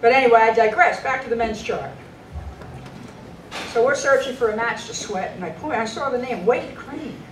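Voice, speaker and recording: A woman's voice: on the high side, lively intonation, normal speed. Middle-aged woman telling stories in an echoey hall. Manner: storytelling, laughing often. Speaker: speaker honoring a late friend; women's pool tour board member. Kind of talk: memorial speech with anecdotes. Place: banquet hall at a dinner. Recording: echoey distant hall recording with background noise.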